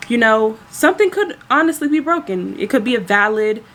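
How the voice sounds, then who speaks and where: A woman's voice: a little high, fairly quick. A woman flight attendant casually telling a story about her workday to her viewers, chatty and exasperated. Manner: chatty, exasperated, animated retelling.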